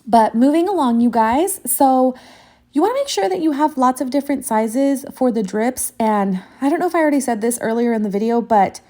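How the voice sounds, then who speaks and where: Gushing, mellow-voiced woman crafter. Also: high-pitched, animated, fairly quick. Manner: gushing and effusive, swears casually; sentimental and emotional. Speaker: crafting tutorial host. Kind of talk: casual chatty tutorial talk.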